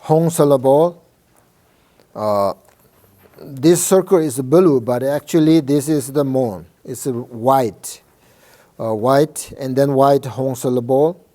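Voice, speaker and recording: Slow, soft-toned Buddhist teacher, a man. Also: mid-range voice. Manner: halting, many fillers and restarts; checks in with listeners often. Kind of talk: informal dharma teaching.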